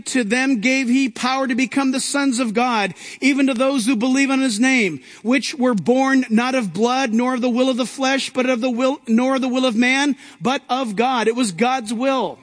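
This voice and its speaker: High-pitched preaching man in a hall. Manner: emphatic preaching with rising outbursts. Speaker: pastor. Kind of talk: sermon.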